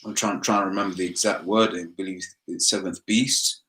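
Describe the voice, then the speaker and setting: A man with a London accent in a casual religious discussion who quotes scripture, speaking haltingly with many fillers. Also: low-pitched, steady tone, sharp tone. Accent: London English. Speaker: discussion participant.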